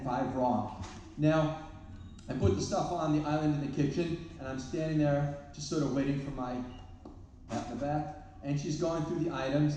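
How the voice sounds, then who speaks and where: A man's voice: a little high, warm tone, slight background noise. Man telling jokey stories in an echoey hall. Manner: storytelling with self-deprecating jokes. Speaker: therapist and parenting speaker. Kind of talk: humorous live speech. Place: large event hall. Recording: echoey hall, distant mic.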